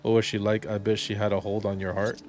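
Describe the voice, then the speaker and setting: A man's voice: lowish voice, level tone, fast, slight background noise, natural voice. A man reading out the lines of a flirtatious, tipsy woman teasing a priest in a game. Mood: flirty teasing. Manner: reads game subtitles aloud, teasing.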